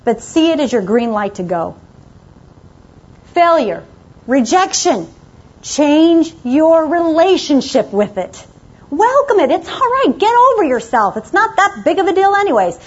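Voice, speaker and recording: Woman motivational speaker, high-pitched and emphatic, urging her audience on; dull, muffled recording. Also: sing-song, unhurried. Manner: emphatic, exhorting, repeats short commands. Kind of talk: motivational talk to a live audience.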